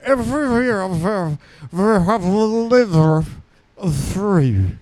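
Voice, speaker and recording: A man voicing a buck-toothed cartoon boy, mumbling garbled words with a raised pitch. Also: lively intonation, slow, a little mellow. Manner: mumbled, hard-to-follow words.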